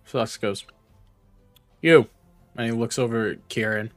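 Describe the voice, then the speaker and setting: A man's voice: mid-range voice, a little slow, no room sound, soft background music. Man playing a tabletop game, dry sound. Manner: narrates own character's actions. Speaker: player.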